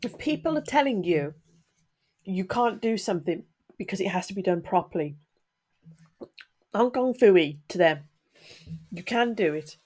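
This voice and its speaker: A woman's voice: medium pitch, lively intonation, normal speed, long pauses, a little mellow, slightly rough. A middle-aged woman vlogging candidly to her viewers, earnest and getting emotional, a little sniffly. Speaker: YouTuber. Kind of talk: candid talk to camera.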